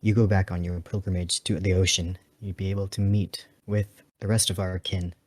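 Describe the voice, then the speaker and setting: A man voicing an older dolphin pilot in a tabletop role-play, speaking in a measured, formal way. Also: deep voice, level tone, a little mellow, dry recording. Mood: curious. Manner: measured and formal, calls others "child".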